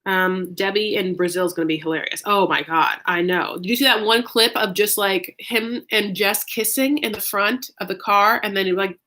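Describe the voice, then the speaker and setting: A woman's voice: medium pitch, normal speed, few pauses, bright, forceful tone. Chatty woman doing a live stream from home, lots of "like", answers the chat, mid-range voice. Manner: chatty, peppered with "like", answers viewer comments. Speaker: recap show host. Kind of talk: casual livestream chat.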